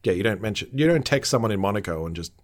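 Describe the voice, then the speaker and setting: A man's voice: on the low side, animated, very fast. A man co-hosting a casual podcast, recapping a TV episode with lots of laughter and playful mock indignation. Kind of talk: casual chat.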